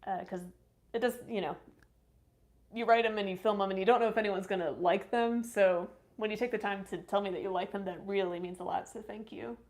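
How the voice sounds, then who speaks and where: A woman hosting a relaxed live stream, reading out comments from her chat and answering each one. She talks in an easy, chatty way, with small fillers and thanks in between. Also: mid-range voice, fairly quick.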